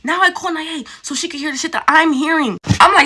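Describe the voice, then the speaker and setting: A young woman telling an animated, incredulous story in an emphatic rant. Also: sits high, a little fast, hardly any pauses.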